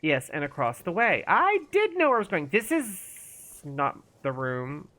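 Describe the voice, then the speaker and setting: A chatty woman, streaming a game and commenting as she plays. Her voice is bright and very lively, full of playful asides and rambling tangents. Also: sits low, unhurried. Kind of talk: casual live-stream commentary.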